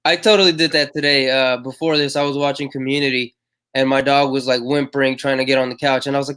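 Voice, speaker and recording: A man's voice: medium pitch, level tone, fast, fairly bright tone, clean tone. A man co-hosting a casual podcast over a call, hesitant and self-deprecating, often trailing off mid-thought. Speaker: podcast co-host. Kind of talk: casual live podcast chat. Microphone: plug-in mic on a video call.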